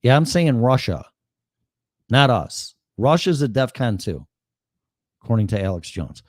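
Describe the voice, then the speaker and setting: A man's voice: lowish voice, very animated, moderate pace, darkish tone, no echo, studio quality. A man in his sixties from Chicago, with a Chicago accent, hosting a casual live-stream monologue in a blunt, profane and rambling way. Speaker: show host.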